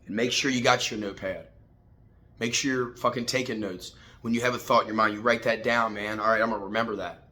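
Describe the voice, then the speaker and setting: A fired-up man hosts a casual morning pep talk with a bright, forceful edge to his low voice. He swears freely and preaches hard, calling his listeners man and baby. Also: fairly even intonation, fast. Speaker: host.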